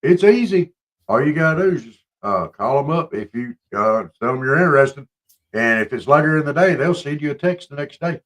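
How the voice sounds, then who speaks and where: A man's voice: on the high side, expressive, fairly quick, fairly bright tone. A man co-hosting a morning talk show, talking in an emphatic, opinionated way. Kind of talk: casual morning show banter.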